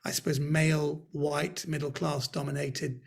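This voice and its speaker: A man in middle age tells stories about his past over a video call. His voice sits a little high and is rough with fry and breath. He talks animatedly and laughs as he goes. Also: flat delivery, measured pace. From Britain. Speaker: guest speaker. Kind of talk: anecdotal storytelling.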